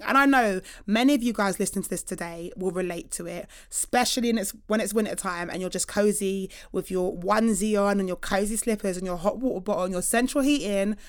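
A young woman from hosting a podcast and chatting casually, telling lively stories and acting out voices with laughter. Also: medium pitch. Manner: animated storytelling, acts out voices with laughter. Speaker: podcast host. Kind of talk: casual chat.

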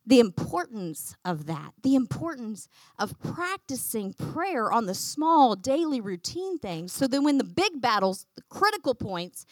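A woman teaching a Bible lesson to a congregation, animated and acting out the quotes. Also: high-pitched, no echo. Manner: animated, acts out quotes, laughs often.

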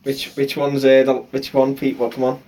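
A man's voice: mid-range voice, completely flat delivery, normal speed, darkish tone, slight background noise, poor audio. A man hosting a comedy podcast, teasing his co-hosts in casual chat. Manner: teasing, sign-off patter. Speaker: podcast host.

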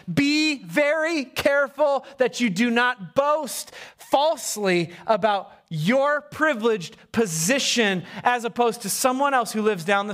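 High-voiced animated male pastor. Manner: animated and conversational, acting out sarcastic voices. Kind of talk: sermon.

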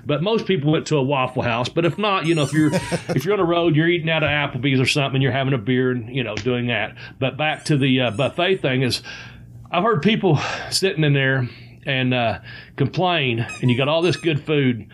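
A man, a former pro wrestler, telling stories in a casual, profane, animated way. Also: medium pitch, brisk, slight background noise. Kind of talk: casual storytelling chat.

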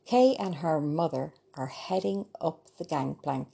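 A woman reading a story aloud, slow and gentle, with small slips. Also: sits low, lively intonation, creaky, slightly rough. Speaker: narrator. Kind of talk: storytelling narration.

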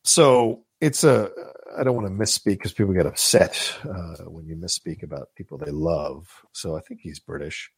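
A man's voice: low-pitched, moderate pace, vocal fry, hardly any pauses, slightly rough, no echo, clean studio sound. A man co-hosting a casual podcast, rambling enthusiastically about movies and swearing now and then. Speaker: podcast co-host.

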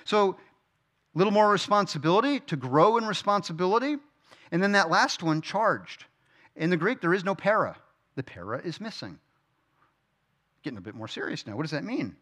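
A man's voice: high voice, a bit bright. A middle-aged man teaching a Bible study from a church stage, conversational, asking the room questions and answering them himself. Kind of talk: sermon.

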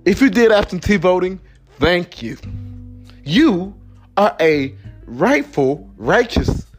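A man's voice: high voice, very animated, takes it slowly, breathy edge. A man from the United States hosting a motivational podcast monologue, emphatic and repetitive, over faint background music. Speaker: podcast host.

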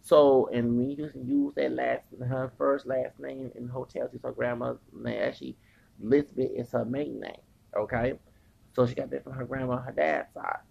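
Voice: mid-range voice, level tone, normal speed, vocal fry, slightly rough, lo-fi sound. A podcast host, ranting heatedly, cursing often, stumbling over restarts and tossing in "okay?" again and again. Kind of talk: heated profane rant.

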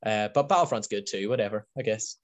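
A man's voice: lowish voice, moderate pace. A man hosting a casual podcast chat, enthusiastic and rambling, laughing often. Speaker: podcast host.

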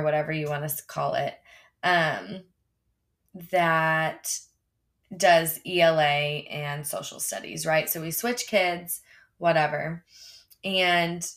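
A woman's voice: on the low side, fairly bright tone. A young woman, a teacher hosting a podcast, telling funny classroom stories in a chatty way, often laughing. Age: young adult. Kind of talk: casual storytelling.

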